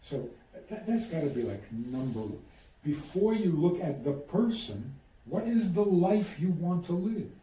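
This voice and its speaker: A man's voice: fairly high pitch, measured pace. A man, a rabbi, giving advice in an interview and acting out quoted dialogue as he tells stories. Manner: animated storyteller, acts out quoted dialogue. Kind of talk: conversational storytelling. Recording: roomy sound, distant from the mic.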